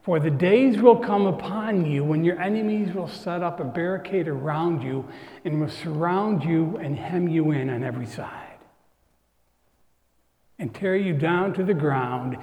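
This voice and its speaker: Earnest high-voiced pastor in an echoing church. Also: male voice. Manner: earnest, swings from hushed to emphatic. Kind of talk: sermon. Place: church sanctuary. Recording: echoey hall, long reverb.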